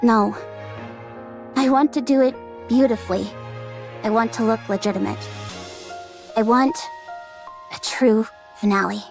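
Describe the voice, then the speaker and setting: Tired ex pop star girl, kinda high voice, resigned, music playing in the game scene. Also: unhurried, creaky, pauses often. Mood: resolved. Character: weary former pop star, young woman. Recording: game dialogue over music.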